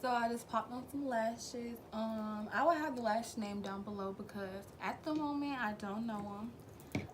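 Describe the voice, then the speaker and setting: A young woman with a slightly raspy just-woke-up voice, chatting casually to viewers through a makeup tutorial at home. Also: a little high, background noise. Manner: chatty, relaxed, talks to viewers as friends. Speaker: beauty vlogger.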